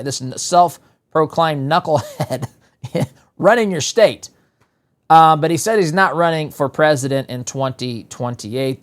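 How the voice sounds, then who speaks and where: A man hosting a political talk show, commenting in a sarcastic, exasperated way. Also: mid-range voice. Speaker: talk radio host.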